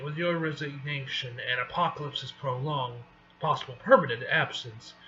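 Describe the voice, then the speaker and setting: A calm older professor lays out his plan in a measured way, read aloud by a man. The voice is bright and a little high. Faint hiss sits under a dull recording. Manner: measured, reasoning, halting reading.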